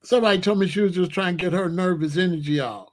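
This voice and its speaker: A male host tells a dramatic yet funny personal story, his voice sitting a touch high. He talks in an animated way, laughing at his own lines and acting out the people in the story. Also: quick pace. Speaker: show host.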